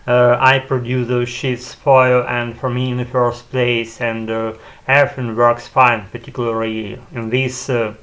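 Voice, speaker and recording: A man's voice: medium pitch, little pitch movement, a little slow, fairly bright tone. A man at home, talking on in a rambling solo monologue with many fillers and restarts, and casual swearing. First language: Ukrainian. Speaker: channel host practicing spoken English.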